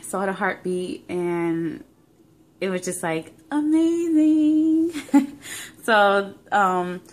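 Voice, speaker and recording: A woman's voice: on the low side, flat delivery, slow. Young woman vlogger, talks loosely with fillers and feeling, phone-recorded. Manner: rambling, emotional storytelling with many fillers. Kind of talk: casual pregnancy update vlog.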